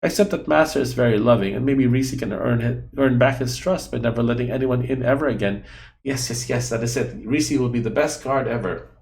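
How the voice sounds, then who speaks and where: A man's voice: mid-range voice, brisk, vocal fry, a little mellow, roomy sound, a little hiss or hum, close to an everyday voice. A man voicing a fretful childlike female guardian. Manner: talks about herself in the third person, broken grammar.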